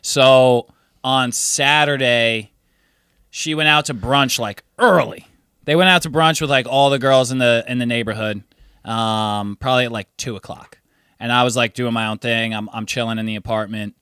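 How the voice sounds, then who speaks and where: A man's voice: medium pitch, steady tone, normal speed, bright, forceful tone, smooth, no echo, clean studio sound. A young man casually telling a story on a podcast, swearing freely and acting out what people said. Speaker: podcast co-host. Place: New York City apartment.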